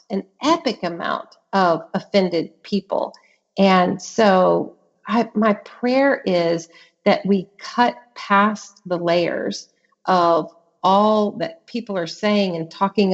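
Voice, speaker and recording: A woman's voice: medium pitch, highs cut off. A middle-aged woman, a guest author on an interview podcast, who talks earnestly and leans into emphatic repetitions as she tells vivid stories. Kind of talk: conversational interview.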